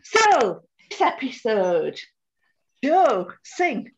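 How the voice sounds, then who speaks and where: A woman's voice: a little high, wildly swooping pitch, very slow, slightly rough, lo-fi sound. A woman co-hosting a podcast, chatty and upbeat in casual conversation. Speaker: podcast co-host. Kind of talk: casual chat.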